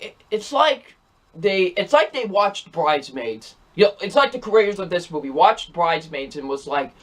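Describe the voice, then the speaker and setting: A man's voice: high voice, fairly bright tone. A young man reviewing movies in a casual, rambling and exasperated way, repeating himself often. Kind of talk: casual ranking video.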